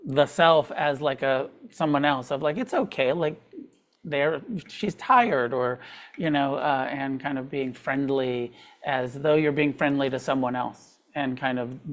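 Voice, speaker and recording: A man teaching meditation to a live group, talking loosely with fillers and restarts, often trailing off quietly. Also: fairly high pitch. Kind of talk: dharma talk to a live group. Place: meditation hall with a live audience.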